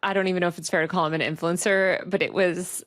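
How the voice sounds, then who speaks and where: A woman's voice: fairly low pitch, fairly even intonation, quick pace, a bit bright, dry recording, clean studio sound. A woman hosting a podcast, asking open questions in casual interview chat. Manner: conversational, asks open questions. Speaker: podcast host.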